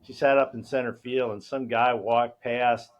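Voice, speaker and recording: A middle-aged man hosting a casual interview, telling lively anecdotes. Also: medium pitch, moderate pace. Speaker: host. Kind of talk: casual chat.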